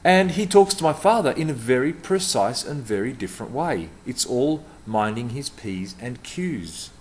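A man's voice: mid-range voice, animated, moderate pace, a little mellow. A middle-aged man giving a punchy, emphatic talk to camera about customer service, repeating words for stress.

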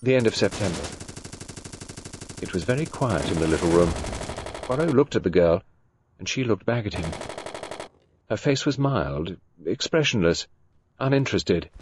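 A man with a low voice narrates a mystery novel as an audiobook. His reading is measured, with a lively, expressive rise and fall, and a faint noise sits beneath it. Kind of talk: scripted narration.

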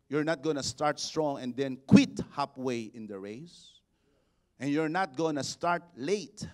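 Slow, emphatic preacher, man. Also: mid-range voice. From Philippines. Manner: preaching with rising shouted exhortations and call-and-response. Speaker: bishop. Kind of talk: sermon.

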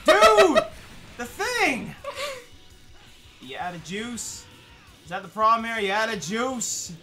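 Brief: high, lively, bright-voiced male gamer, shouty trash talk, music faint behind. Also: slow pace. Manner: yelling, swearing, goofy trash talk. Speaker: gaming channel host. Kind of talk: loud casual gameplay banter.

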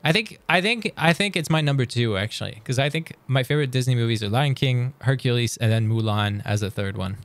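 A mid-range male voice streams live, talking casually as he works through a quiz, with faint music playing in the background. Reading lyrics aloud, he's excitable and curses freely.

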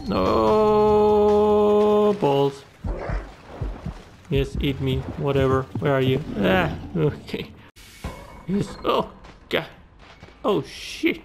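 A man narrates his gameplay in an unhurried, slightly high voice with a gravelly edge. He reacts to the game with plenty of swearing and exclamations. Game music plays clearly behind him. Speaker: gaming YouTuber. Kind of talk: let's play commentary.

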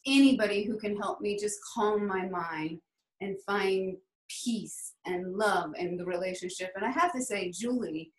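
A woman's voice: medium pitch, roomy sound, low-quality recording. A woman from the American South with a mostly hidden Southern accent, giving a heartfelt, rambling personal speech at a club meeting. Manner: heartfelt, rambling, says y'all. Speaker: club speaker.

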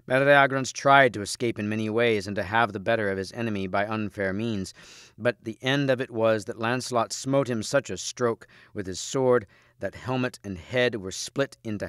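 A man narrates an old legend as an audiobook, with a low voice and measured, quiet storytelling. The recording is dry and close. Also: no echo. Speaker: audiobook reader.

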